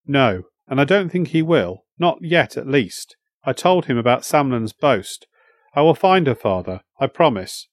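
A man reads a young soldier standing up to his father, earnest and steady, firm without shouting. His middle-pitched voice stays plain and even in a dry storybook recording. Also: a little slow, dry recording. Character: young male soldier son, earnest and determined.

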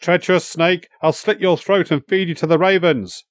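A man reads a raging old warrior father, his voice pushed up high and loud as he roars and spits insults. He growls low between outbursts, ferocious and quick to take offence. The storybook recording is dry and close. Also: fairly even intonation, no room sound, lightly acted. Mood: furious. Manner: roaring, growling fury. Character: older male warrior father, ferocious temper.

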